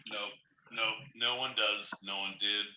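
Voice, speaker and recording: A man co-hosting a podcast in casual chat, loud and joking, swearing freely as he riffs. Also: on the low side, fairly even intonation, unhurried, reverberant, rough recording. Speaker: podcast co-host.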